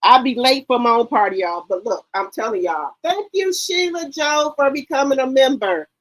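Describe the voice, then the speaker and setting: High-voiced woman streamer, laughing and profane. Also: normal speed, poor audio. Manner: animated, laughing, profane storytelling. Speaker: live stream host. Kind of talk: casual chat on a live stream.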